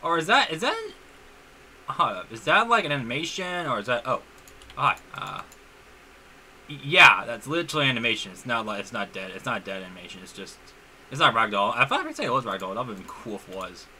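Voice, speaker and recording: Young male gaming YouTuber, excitable and stumbling, very bright tone, lively pitch; faint background noise. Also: a little fast. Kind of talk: casual gameplay commentary.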